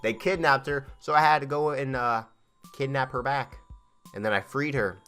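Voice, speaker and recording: Bright-voiced man retelling a game. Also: mid-range voice, smooth, soft background music. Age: 30s. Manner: rambling, animated, breaks into quick voices for characters. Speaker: gaming channel host. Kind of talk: comic retelling of a game playthrough.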